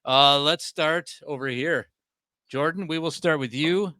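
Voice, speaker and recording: Bright-voiced Canadian podcast host. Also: male voice, fairly high pitch, unhurried, no echo, studio quality. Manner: laughs often, excitable. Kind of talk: casual comedy podcast chat.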